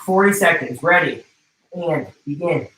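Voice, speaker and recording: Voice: medium pitch, measured pace, a bit bright. Personal trainer, out of breath, livestream workout cues, roomy sound, distant mic. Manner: calls out intervals and cues, joking.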